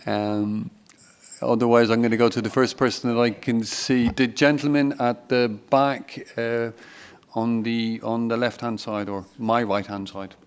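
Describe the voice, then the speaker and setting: A man moderating a conference panel, passing the floor in an informal, slightly halting way. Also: medium pitch, little pitch movement, smooth.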